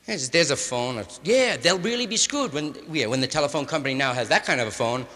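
A man's voice: mid-range voice, expressive, fast talker, few pauses, pushed and bright. A male stand-up comedian rambling through a loose, improvised monologue full of hip jazz slang, recorded live on a concert hall stage. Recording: live 1961 concert hall recording with reverb and faint hiss.

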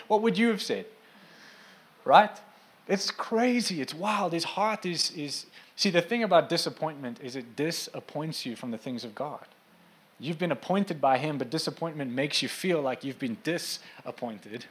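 A man's voice: a little high, measured pace, a bit bright. A man preaching a sermon in a casual, conversational way, with asides to his congregation, who turns emphatic when he drives a point home.

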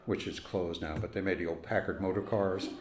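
A man's voice: deep voice, fairly even intonation, fairly quick, reverberant. An older man from Brooklyn recalling his youth in an oral history interview, acting out the voices of people in his stories. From Brooklyn, New York. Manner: storytelling, acts out quoted voices, chuckles.

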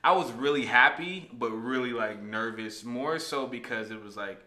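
A man in his twenties, a guest telling a personal story in a relaxed way with lots of fillers. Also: fairly low pitch, a little fast, hardly any pauses. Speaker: interview guest. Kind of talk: casual storytelling. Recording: roomy echo.

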